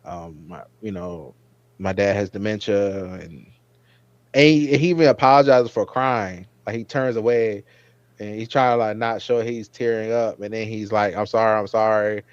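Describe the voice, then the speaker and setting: A man hosting a casual review chat, rambling and getting animated when he recalls his own reactions. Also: on the low side, moderate pace, clean tone, no echo, dull audio. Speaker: podcast host.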